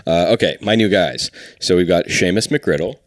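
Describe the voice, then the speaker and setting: A man's voice: deep voice, normal speed, no room sound, studio quality. A man co-hosting a comedy podcast, rambling through funny stories with lots of fillers. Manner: rambling, loose storytelling with many fillers. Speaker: podcast co-host. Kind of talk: casual comedic chat.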